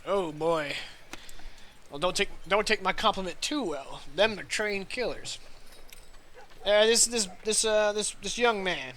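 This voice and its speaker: A man's voice: high-pitched, measured pace, a bit bright, a little hiss or hum. A man voicing a weary, dry-humored frontier gunsmith with a folksy drawl and hesitant fillers. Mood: grim.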